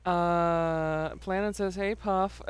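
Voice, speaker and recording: A woman's voice: lowish voice, steady tone, extremely slow, clean tone, no room sound. A woman streaming live who chats casually, laughs often and reads viewers' messages aloud. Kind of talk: casual livestream chat.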